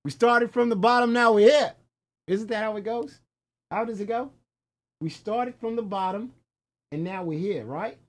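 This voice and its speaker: A man's voice: high-pitched, normal speed, long pauses, natural voice. A man putting on a cocky Aussie bloke. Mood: joking boastful. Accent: put-on Australian. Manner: rambling, stumbling over words, playful boasting. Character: cocky Australian man, the commentator's made-up brother. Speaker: stream commentator.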